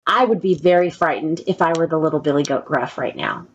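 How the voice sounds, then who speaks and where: A woman reading a children's story aloud, slow and gentle, asking the children questions as she goes. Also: deep voice, animated, slightly rough, dull audio. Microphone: own camera.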